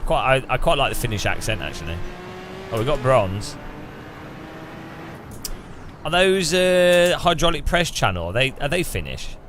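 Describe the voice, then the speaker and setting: A man's voice: medium pitch, big pitch swings, brisk, fairly bright tone, a little hiss or hum. An English man from England, streaming a racing game and chatting casually in a rambling way, often restarting his sentences. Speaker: gaming streamer. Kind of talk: casual chat over racing gameplay.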